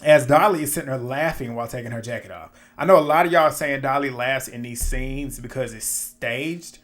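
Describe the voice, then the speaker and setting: A man giving a casual, opinionated recap of a reality show episode, animated, often laughing and swearing. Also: medium pitch, a little fast.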